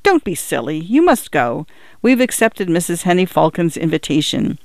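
A man's voice: on the high side, very animated, darkish tone, no room sound, studio quality. A man voicing a cool, dismissive mother. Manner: brisk and dismissive.

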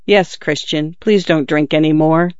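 A man doing a young wife with a soft, coaxing voice, pleading gently and quietly. The tone sits a little high and light. The recording is dry and somewhat dull. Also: steady tone, measured pace, clear, resonant tone, dry recording, natural voice. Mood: gentle.

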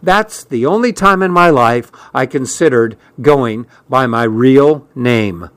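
A man reading a first-person story aloud as an audiobook narrator, in a measured, even way. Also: mid-range voice, no room sound.

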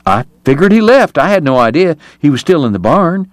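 A man's voice: big pitch swings, brisk, dry recording, clean studio sound. A man voicing a frightened male horse trader who stammers and pleads his innocence. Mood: pleading. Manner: pleading, stammering, rising pitch.

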